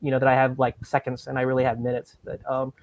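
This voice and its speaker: A man's voice: medium pitch, monotone, quick pace, no echo. A man hosting a casual podcast chat over a video call, asking eager, rambling questions and laughing often. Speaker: podcast host.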